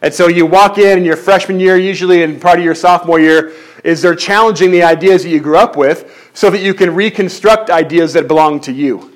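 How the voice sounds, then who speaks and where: A man delivers a sermon in a conversational, animated way, his voice sitting fairly high for a man. He often restarts mid-sentence as he works through his points. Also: a little fast. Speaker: pastor.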